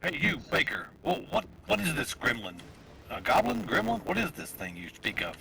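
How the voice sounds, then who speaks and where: A man's voice: a little high, huge pitch swings, normal speed, creaky, bright, forceful tone, slight background noise, voice pushed up, full character voice. A man playing a blunt, pushy adventurer. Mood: demanding. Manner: blunt, demanding questions.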